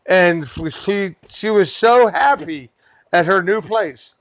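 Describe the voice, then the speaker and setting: A man's voice: sits high, lively intonation, slow, dry recording. A man telling a funny customer story in a casual podcast chat, acting out the quoted voices and laughing often. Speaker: guest, pest control worker.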